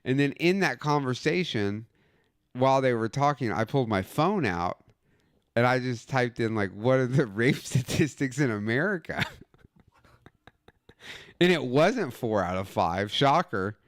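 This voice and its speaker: A man's voice: mid-range voice, expressive, measured pace, dry recording. A man co-hosting a casual podcast, telling a rambling, profane story into a close studio mic. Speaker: co-host.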